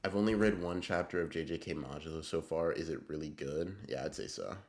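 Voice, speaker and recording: A man streaming live, chatting casually and answering viewer messages in excitable, rambling bursts with a lot of swearing. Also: very deep voice, fairly quick. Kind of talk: casual livestream chat reading viewer messages.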